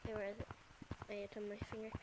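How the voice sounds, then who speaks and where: A woman's voice: medium pitch, monotone, very fast, noisy background. A woman giving casual, rambling gameplay commentary as a channel host, with frequent fillers.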